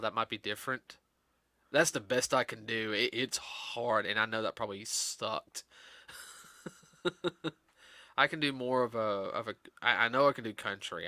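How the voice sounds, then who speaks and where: Tired man rambling in bright tones. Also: fairly low pitch, a little slow, no echo. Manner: rambling, many fillers and restarts. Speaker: guest host. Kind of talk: casual podcast chat.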